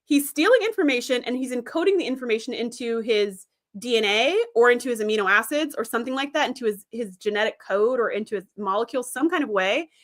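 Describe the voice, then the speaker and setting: A woman with a slightly high voice hosts a casual livestream. She talks in a chatty, animated way, full of fillers and quick asides. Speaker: host.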